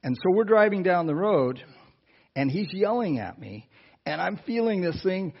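A man preaching through a personal story, animated, with asides to the listeners. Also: high voice, normal speed, vocal fry. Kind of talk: storytelling sermon. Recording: dull lo-fi sound.

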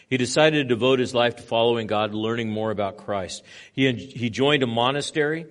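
A man pastor preaching a sermon, moving between loud emphatic stretches and quiet hushed passages. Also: fairly low pitch.

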